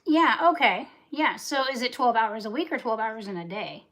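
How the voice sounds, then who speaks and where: A woman's voice: a little high, lively intonation, a bit bright. Chatty rambling woman in her forties. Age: 40s. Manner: talkative, rambling, fast-talking; talks while doing dishes and cleaning. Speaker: livestream host. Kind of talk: casual livestream chat.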